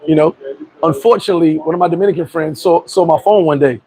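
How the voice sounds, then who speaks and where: An American man hosting a casual livestream. He rambles through viewer comments and shout-outs, often restarting and chuckling. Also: fairly high pitch, quick pace, poor audio. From United States. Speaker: livestream host.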